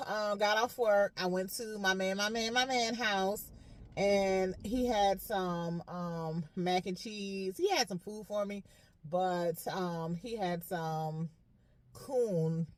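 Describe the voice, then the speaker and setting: A woman's voice: fairly low pitch, dry recording. Chatty woman nurse ranting. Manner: chatty, animated, says "y'all" and "honey". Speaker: nurse and vlogger. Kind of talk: casual rant to camera.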